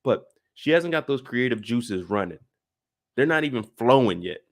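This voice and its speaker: Animated, jokey man recapping a show. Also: normal speed. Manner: animated, jokey, rising to high-pitched excitement. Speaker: live-stream host. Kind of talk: casual live-stream TV recap commentary.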